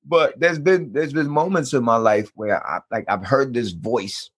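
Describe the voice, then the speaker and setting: A man telling stories in casual chat, animated and profane, acting out the voices of people in his anecdotes. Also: mid-range voice, measured pace, husky. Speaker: guest. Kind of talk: casual storytelling.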